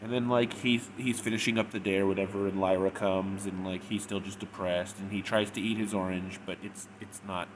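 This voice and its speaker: Low-voiced man rambling through a review. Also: level tone, brisk, few pauses, background noise. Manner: rambling retelling, full of "like" and "or whatever". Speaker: fanfic reviewer. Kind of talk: casual spoken review.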